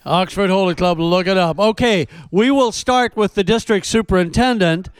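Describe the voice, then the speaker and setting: A man's voice: sits high, normal speed, smooth. A man hosting a playful quiz among friends, laughing and drawing out his questions. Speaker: quiz host. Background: people talking and laughing.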